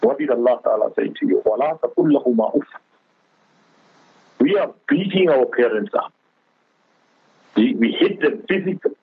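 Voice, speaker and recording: Man, husky voice, earnest religious exhortation, heard through a tinny phone line. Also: medium pitch, lively intonation, moderate pace, no room sound. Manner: earnest, exhorting, addresses the other speaker as Maulana; tells a moral story with quoted dialogue. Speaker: Islamic speaker on a radio talk show. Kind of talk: religious radio talk.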